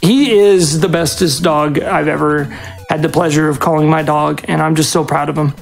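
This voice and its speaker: A man's voice: fairly high pitch, fairly even intonation, normal speed, gravelly, faint music behind. A man at a live speedrun marathon, giving doting, coaxing commands to his dog while explaining the game.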